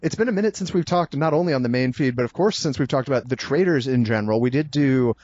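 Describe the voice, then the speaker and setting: A man's voice: medium pitch, quick pace, darkish tone, lo-fi sound. A man hosting a casual podcast chat, rambling and apologetic, often tripping over his words. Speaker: podcast host.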